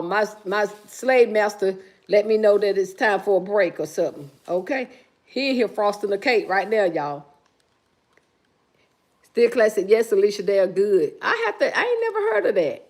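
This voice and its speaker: A middle-aged woman hosting a casual live stream from her kitchen while cooking, reading viewer comments aloud and teasing them in an easygoing talky way. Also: a little high. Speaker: livestream host.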